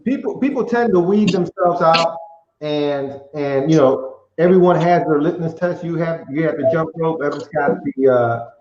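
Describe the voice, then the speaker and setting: A man's voice: a little high, moderate pace, noisy background. A man hosting a podcast, reflecting on discipline and persistence in a casual, motivational way. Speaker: podcast host. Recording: echoey, dull remote call audio.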